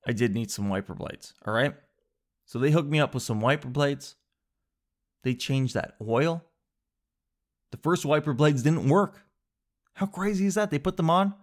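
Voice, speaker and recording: A man telling a comic story in a casual vlog. He talks in an animated, slangy way, says "dude" a lot, and jumps up in pitch for emphasis. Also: normal speed, pauses often. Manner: animated, exaggerated, swings to high emphasis.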